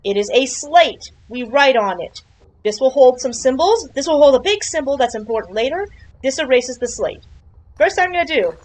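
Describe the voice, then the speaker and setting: A woman's voice: sits high, lively intonation, normal speed, a little hiss or hum, rough recording. A woman giving chatty, playful commentary while playing a video game, joking and exclaiming at surprises. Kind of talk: casual game playthrough commentary.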